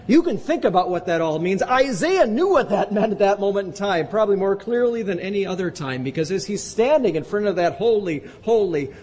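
A man's voice: lively intonation, a little fast, hardly any pauses, darkish tone, breathy edge. Emphatic male pastor in a reverberant church. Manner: emphatic, repeating words for weight. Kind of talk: sermon. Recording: long reverb with faint rumble.

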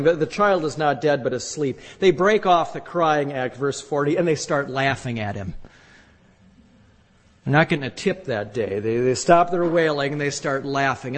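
Emphatic preacher in an echoing hall. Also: male voice, fairly high pitch, slightly rough. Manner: emphatic preaching, rising to loud exclamations. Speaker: pastor. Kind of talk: sermon. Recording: echoey hall from a distance.

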